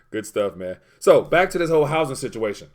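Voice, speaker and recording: A man hosting a casual livestream, reading viewer comments aloud and rambling while he looks things up. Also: medium pitch. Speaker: livestream host.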